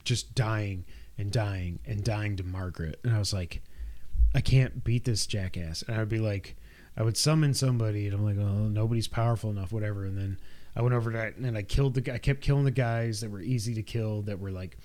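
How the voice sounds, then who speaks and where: A man in casual podcast chat, excitedly retelling his time playing a video game and acting out moments with sound effects and little voices. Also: lowish voice, a little fast. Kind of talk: casual chat recounting gameplay.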